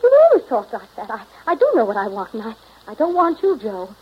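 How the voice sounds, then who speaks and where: A woman's voice: fairly high pitch, huge pitch swings, fairly quick, husky, heavily acted. A pleading, emotional young woman. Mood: anguished. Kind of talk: 1940s radio acting. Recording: dull lo-fi old radio recording.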